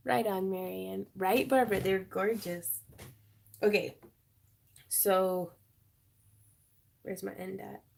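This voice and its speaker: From her home craft room, a woman runs a casual livestream, giggling and talking with viewers while showing how to do wire wrapping. She speaks in a creaky, medium-pitched voice.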